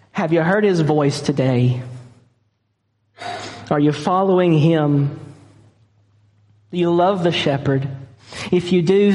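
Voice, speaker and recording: A man's voice: medium pitch, a little mellow. A man preaching a sermon as a pastor, earnest and impassioned, at times moved near tears. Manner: earnest and impassioned, growing emotional. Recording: long reverb of a large hall.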